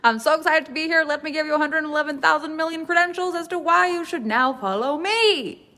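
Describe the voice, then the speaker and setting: A woman's voice: high voice, brisk, sharp tone, pitched above the performer's own voice. A woman putting on a gushing, boastful expert.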